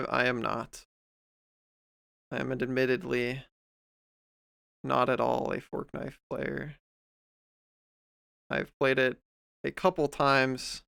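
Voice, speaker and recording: A man talks loosely to his stream chat as he works, with a gravelly edge and a bright, crisp tone. He rambles warmly, trailing off and restarting often. The close mic sounds dry. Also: medium pitch, no room sound. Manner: rambling and heartfelt, with many fillers and restarts. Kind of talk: casual livestream chat while drawing.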